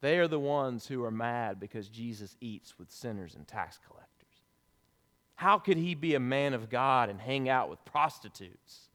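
A man preaching a sermon as pastor, in a lively, conversational way with casual asides, in a church sanctuary. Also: medium pitch, moderate pace. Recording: long reverb of a large hall.

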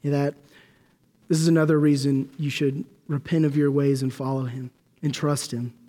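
A man's voice: medium pitch, flat delivery, normal speed, mellow. A young man preaching a sermon in a loose, conversational way, with many fillers and restarts. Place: church hall. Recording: long hall reverb.

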